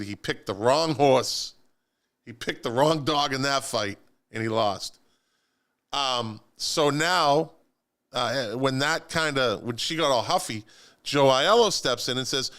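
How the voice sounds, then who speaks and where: A man co-hosting a political chat show from a studio, telling the story in an animated, sarcastic way. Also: mid-range voice, a little slow. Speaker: co-host of a local politics livestream. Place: radio studio.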